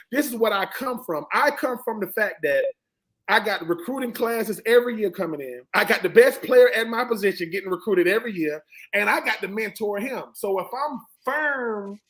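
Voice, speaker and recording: A man's voice: high voice, normal speed, a bit bright, poor audio. A middle-aged man, a former college football player and panel guest, telling emphatic stories about coaching and acting out what coaches and players said. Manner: emphatic, preachy, acts out quotes of coaches and players. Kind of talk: animated sports talk, storytelling.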